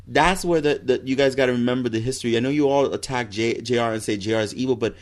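A man's voice: medium pitch, fast talker. A man co-hosting a casual chat, gossipy and dramatic, with fond "honey" asides. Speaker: podcast co-host.

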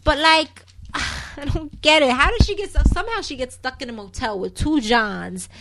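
A woman's voice: sits high, normal speed, gravelly, a little hiss or hum. Blunt, teasing woman co-host. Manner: blunt, teasing, animated gossip. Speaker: podcast co-host. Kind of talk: casual chat.

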